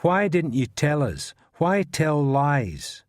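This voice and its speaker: A man's voice: on the high side, sing-song, slow, no room sound. An actor playing a patient male detective who questions a suspect with dry, probing politeness. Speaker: police interrogator.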